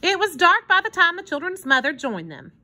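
A woman reading a children's book aloud in an expressive storytelling manner. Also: very high-pitched, brisk. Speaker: narrator.

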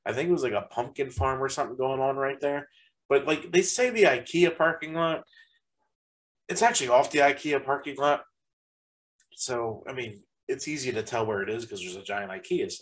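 A man chats casually as he reviews a haunted house, in a middle-pitched voice. He rambles along, stacking "like" and "um" between his thoughts, and laughs easily as he tells stories. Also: moderate pace, rough recording. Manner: rambling, heavy use of "like" fillers.

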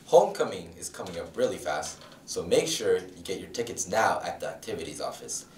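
A man's voice: sits low, big pitch swings, brisk, a little mellow. A teenage boy co-anchoring school announcements, reading upbeat lines from a script. He is picked up from a short distance in an echoey room, with a faint hum of ambience. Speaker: student news anchor. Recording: echoey room, a little off mic.

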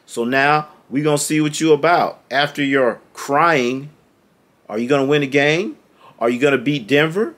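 A man's voice: fairly high pitch, normal speed, fairly bright tone. A man ranting to the camera as a sports fan, scolding and sarcastic, repeating his points over and over.

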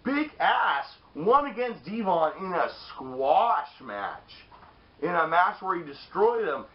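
A man reviewing a wrestling show in casual, profane banter, loud and animated, sometimes shouting. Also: sits high, slow pace. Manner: loud, animated, swears often, shouts in mock voices. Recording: dull lo-fi sound.

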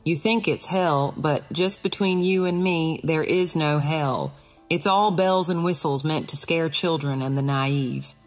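A woman's voice: low-pitched, measured pace, faint music behind. A woman voicing a sly male death adder in an audiobook, with a sweet, coaxing, sing-song manner. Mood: mocking. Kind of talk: audiobook character voice.

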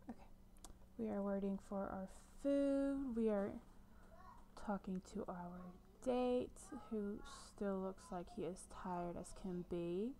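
A woman talks her way through a life-sim game in an unhurried, easygoing way, addressing her viewers directly and slipping into soft whispers now and then. Her voice is mellow and warm, recorded on a home mic with a faint hiss of background noise. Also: medium pitch. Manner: chatty, often drops to a soft whisper. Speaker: gameplay commentator. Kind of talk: casual gameplay commentary.

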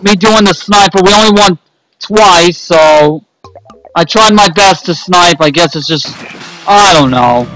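A man's voice: high-pitched, a little slow, a bit bright, soft background music, poor audio. A man giving casual gameplay commentary, frustrated and rambling as he talks to himself about his losses. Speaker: gaming video host.

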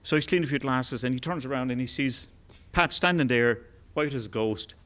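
A man telling a long joke to a concert audience. He rambles along in a relaxed way with fillers, at a middling pitch. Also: a little fast. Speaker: musician telling a joke on stage. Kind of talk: told joke, live storytelling. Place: concert hall.

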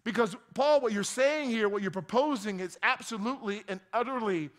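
A man's voice: high voice, brisk, a bit bright. A man from New Jersey preaching a sermon in a conversational, joking way, often restarting his words. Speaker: pastor.

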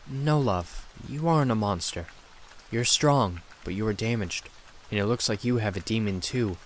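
A controlling young boyfriend speaks in a soothing, patronizing tone with a fairly low voice, as a man plays him. It is a horror story reading with faint noise behind. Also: normal speed, lightly acted. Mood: coaxing.

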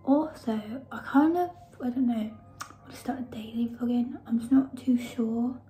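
A woman's voice: on the high side, normal speed, dark tone, slightly rough, faint music behind, rough recording. A young woman chatting casually in a vlog, rambling and often dropping into a whisper. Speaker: vlogger. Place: at home and outdoors. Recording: background noise.

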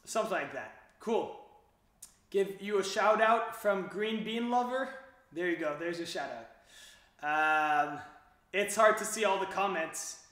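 Young Canadian guy streaming, high-pitched voice, rambly casual chat with fillers, echoey room. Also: measured pace, a bit bright. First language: French. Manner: chatty, rambling, lots of fillers. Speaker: livestream host reading chat.

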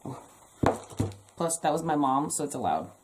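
Low-voiced chatty woman crafter. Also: sing-song, moderate pace, darkish tone, slight background noise. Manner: chatty, jokey asides. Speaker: craft video host. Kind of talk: casual craft tutorial. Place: home craft room.

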